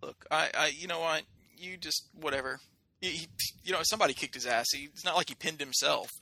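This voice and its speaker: A man's voice: a little high, brisk, bright, forceful tone, slight background noise. A man co-hosting a podcast in casual chat, mock-boastful and theatrical as he jokes with his friends. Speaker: podcast co-host.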